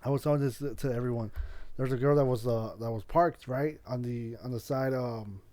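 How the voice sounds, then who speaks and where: A podcast host tells a rambling story on a casual show, swearing a lot and restarting often. His voice is medium-pitched and mellow, at a normal speed.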